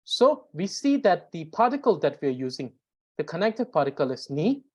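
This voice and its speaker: Woman teacher going over grammar slowly, lots of uh's, pitch swings all over. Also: big pitch swings, warm tone, slightly rough. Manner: explains step by step with fillers and repetition. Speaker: language teacher. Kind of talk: grammar lesson explanation.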